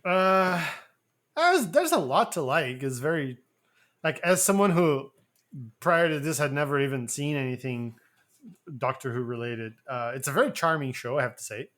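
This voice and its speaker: A man co-hosting a podcast, talking in a relaxed, rambling way and swearing casually. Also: a little high, moderate pace. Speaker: podcast co-host. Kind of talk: casual chat.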